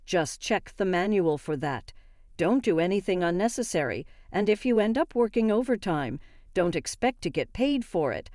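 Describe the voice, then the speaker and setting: A sneering middle-aged male department head, all sarcasm and scolding, voiced by a woman narrating a story. The voice sits a little low and sounds close and dry. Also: lively intonation, normal speed, a little mellow, no room sound, close to an everyday voice. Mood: scornful.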